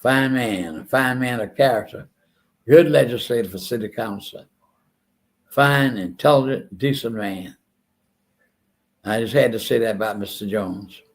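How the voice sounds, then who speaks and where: A man's voice: on the low side, moderate pace, long pauses. An older man hosting a talk show, telling stories in a rambling, earnest monologue, often repeating words, and saying he feels a little unwell. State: feeling unwell. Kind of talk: casual monologue.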